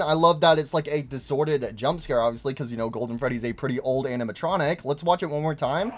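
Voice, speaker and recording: A man giving excitable gameplay commentary on his channel, gushing over details on screen. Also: medium pitch, fast talker, few pauses. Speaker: gaming YouTuber.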